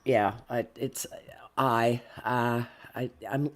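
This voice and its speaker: A woman from the US South with a softened North Florida accent, chatting casually in a deliberate, well-enunciated way. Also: extremely low pitch, steady tone, crowd noise. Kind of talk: casual chat.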